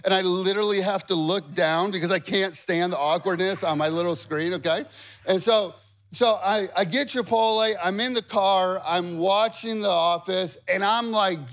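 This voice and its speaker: With a high, somewhat bright voice, a forty-something pastor shares personal stories from the pulpit, teasing himself and regularly throwing questions to the audience.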